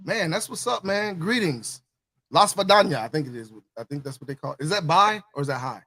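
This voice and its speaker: This man's voice is on the high side, expressive and bright with a forceful tone, and he talks fairly quickly. Hosting a casual livestream chat, he stays laid-back, repeats himself, and drops "you know what I'm saying" often.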